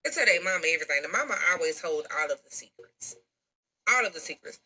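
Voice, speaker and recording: A woman's voice: fairly low pitch, animated, fast, a crowd in the background, low-quality recording. A woman tells her own story in a blunt, emphatic way, with a lot of slang. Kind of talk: recorded personal story.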